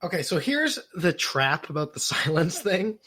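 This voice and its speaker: A man's voice: a little high, big pitch swings, moderate pace, pushed and bright, slightly rough. A young man co-hosting a casual comedy podcast, talking sarcastically and slipping into mocking acted-out dialogue. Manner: sarcastic, acts out mock dialogues in exaggerated voices. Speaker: podcast co-host. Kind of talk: casual political comedy chat.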